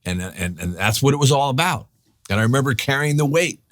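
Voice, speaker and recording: A man from New York telling animated, profane stories as a guest in a casual interview, acting out the people he quotes. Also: mid-range voice, a little fast. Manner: animated, profane, restarts a lot, acts out quotes. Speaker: guest actor.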